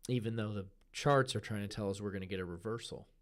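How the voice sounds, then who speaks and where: A man with a fairly low voice hosts a live stream and talks through trading charts at an easy, relaxed pace. He points out moves on the screen and repeats words like a running count as he explains. He sounds like he is sitting at his desk mic. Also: quick pace.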